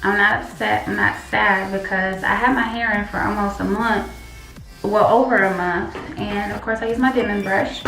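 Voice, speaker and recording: A woman's voice: mid-range voice, steady tone, normal speed, vocal fry, fairly bright tone, recorded from a distance. A woman chatting casually to her viewers in a hair tutorial vlog, calling them y'all. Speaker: beauty vlogger. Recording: echoey room with faint music.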